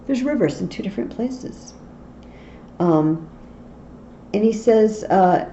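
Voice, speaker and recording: A woman's voice: mid-range voice, animated, takes it slowly, pauses often, warm tone. A woman teacher explaining a play in a literature tutorial, with wry asides, on a dull, faintly noisy recording.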